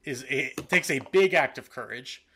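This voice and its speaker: A man co-hosting a soccer podcast in casual talk, animated and fired up, with frequent fillers and restarts. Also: mid-range voice, normal speed, crowd noise. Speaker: podcast co-host.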